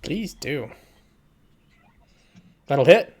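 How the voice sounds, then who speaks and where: A man's voice: a little high, expressive, slight background noise. A man running a tabletop game as game master over voice chat, narrating the action and making rulings with stops and restarts. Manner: halting, restarts while counting and ruling.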